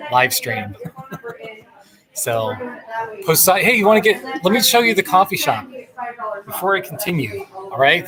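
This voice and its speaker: A man hosting a casual livestream from a busy coffee shop, chatty and playful as he reads questions aloud. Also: mid-range voice. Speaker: livestream host. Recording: noisy coffee shop crowd. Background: loud crowd chatter.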